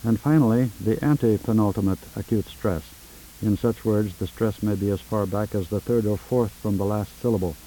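A man with a deep, mellow, very dark voice speaks in a measured and precise way. He leads a formal phonetic session. The sound is that of an old 1970s tape recording. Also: a little hiss or hum, low-quality recording. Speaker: linguist interviewer.

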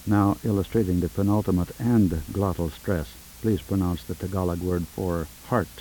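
A man speaking in a measured, precise way while leading a formal phonetic session, on an old 1970s tape recording. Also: deep voice, steady tone, mellow, slight background noise, rough recording. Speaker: linguist interviewer.

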